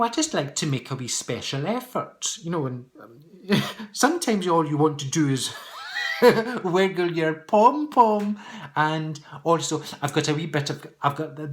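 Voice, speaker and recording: A man's voice: on the high side, fairly bright tone. Giggly, chatty middle-aged man vlogging. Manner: chatty and playful, laughs often, teases viewers. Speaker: vlogger answering viewer questions. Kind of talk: casual Q&A vlog chat.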